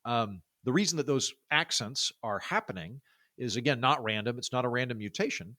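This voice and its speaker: A man from Oklahoma with a baritone voice, talking casually as a podcast guest, with lots of fillers and restarts. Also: animated, a little fast, sharp tone, no room sound, clean studio sound. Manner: chatty, many fillers and restarts. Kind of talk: casual interview talk.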